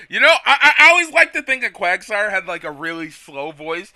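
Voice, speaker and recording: A man's voice: sits high, very animated, brisk, few pauses, bright, forceful tone. A man hosting a gaming channel, giving casual gameplay commentary in a rambling, loose way with lots of filler words and restarts.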